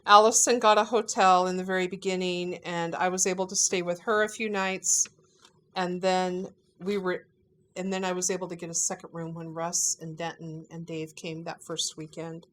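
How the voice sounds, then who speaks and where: A woman in casual conversation, recalling family events in a chatty, animated way and laughing often. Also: lowish voice, normal speed, a little hiss or hum. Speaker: family member recounting a parent's final weeks.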